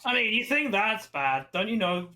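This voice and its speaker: A man's voice: high-pitched, sing-song, normal speed, sharp tone. A British man joining a casual podcast chat, dry and teasing with ironic jokes. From Britain.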